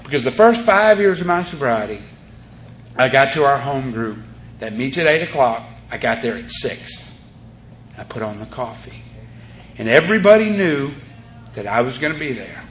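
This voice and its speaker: A man's voice: mid-range voice, big pitch swings, moderate pace. A man speaking at a recovery meeting, rambling as he tells his story with many "you know"s. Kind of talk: recovery talk to an audience. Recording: echoey room tape with faint hiss.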